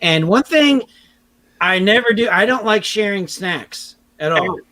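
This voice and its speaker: A young man with a fairly high voice, co-hosting a casual podcast. He trades stories in easygoing banter and often laughs mid-sentence. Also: unhurried. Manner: laughs while telling, relaxed banter. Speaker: podcast co-host. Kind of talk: casual storytelling chat.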